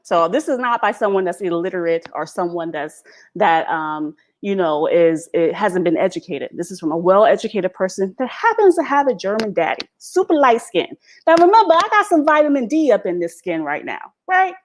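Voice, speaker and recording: A woman's voice: medium pitch, expressive, normal speed, a little hiss or hum. A woman ranting brashly and profanely to her live stream viewers, laughing often, recorded at home on a laptop mic. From United States. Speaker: vlogger hosting a live stream. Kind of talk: candid unscripted rant to viewers. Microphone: laptop built-in mic.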